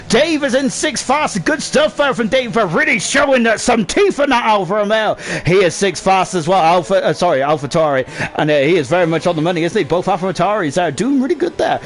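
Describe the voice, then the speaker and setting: A young man commentating a sim racing league live, excitable and chatty, reading out viewer messages. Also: high-pitched. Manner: excitable, shouts over laps then settles into chatty asides. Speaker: esports race commentator.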